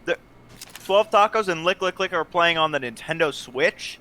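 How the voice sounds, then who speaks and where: Hesitant young co-commentator, slightly high voice. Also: male voice, animated, moderate pace, background noise. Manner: hesitant, filler-heavy analysis. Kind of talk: casual esports co-commentary. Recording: game music under the voice.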